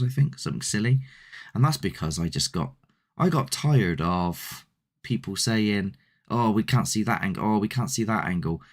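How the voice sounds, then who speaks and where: Male host, deep voice, rambly live chat with viewers. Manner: rambling, chatty, answers viewer comments. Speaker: host of a paranormal channel. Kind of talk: casual live-stream chat.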